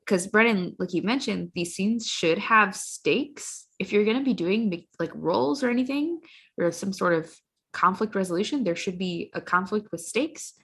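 A woman's voice: mid-range voice, moderate pace, husky. A woman, a game designer, chatting emphatically with fillers and false starts. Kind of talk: casual discussion.

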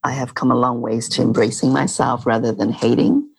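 Middle-aged female guest, husky with a gravelly edge, reflective and halting, dry recording. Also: rumbling low, flat delivery, a little mellow, no echo. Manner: halting, reflective, many fillers. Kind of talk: casual interview talk.

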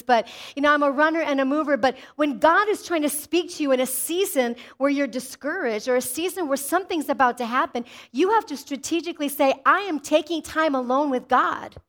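Woman preacher, high voice, emphatic sermon delivery, middle-aged, questions to the congregation. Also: fairly bright tone.

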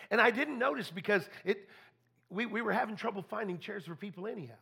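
A man's voice: high-pitched, lively intonation, fast talker, gravelly, pushed and bright, slightly rough. A man preaching a storytelling sermon, folksy, full of restarts, acting out conversations. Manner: folksy, repeats and restarts, quotes people in dialogue.

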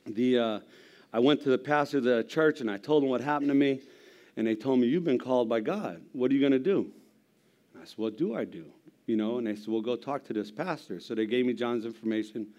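Brief: gruff middle-aged man, church testimony, jokey and candid, average pitch. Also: a little fast, darkish tone, lo-fi sound. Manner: gruff, storytelling with humor. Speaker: lay preacher giving testimony. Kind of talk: sermon testimony.

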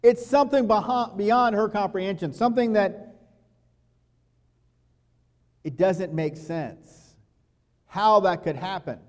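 A man preaching a sermon as pastor, talking conversationally, dropping to quiet asides and acting out the quotes he tells. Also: high voice, takes it slowly, long pauses. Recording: long hall reverb.

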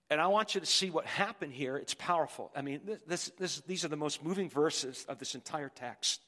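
Guy preaching in church, bright forceful voice, kinda high, big long echo, stresses stuff and repeats words. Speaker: pastor. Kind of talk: sermon. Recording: long reverb in a large hall.

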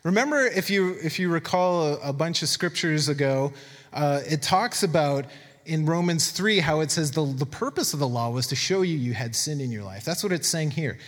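A man preaching a sermon, reading scripture aloud with earnest, animated emphasis. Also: a little high, normal speed, long reverb tail. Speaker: pastor.

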